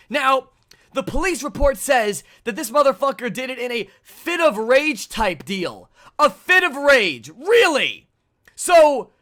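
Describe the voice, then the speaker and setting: Furious, bright-voiced young man ranting. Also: extremely high pitch. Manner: furious, profane, bursts into shouting. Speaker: gaming channel host. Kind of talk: angry ranting commentary.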